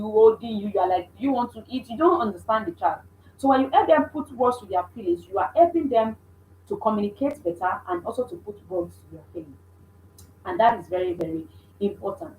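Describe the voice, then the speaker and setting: A woman's voice: medium pitch, lively intonation, moderate pace, phone-quality sound, slight background noise. A mother giving an instructive talk on parenting, earnest and repeating her points with many restarts. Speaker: parenting coach. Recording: echoey room.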